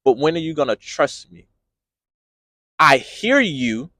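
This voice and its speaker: A man's voice: on the high side, sing-song, slow, pushed and bright, dry recording, full character voice. God, patient and pleading, as a man puts him on. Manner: earnest, pleading repetition. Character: God, a patient, comforting male voice.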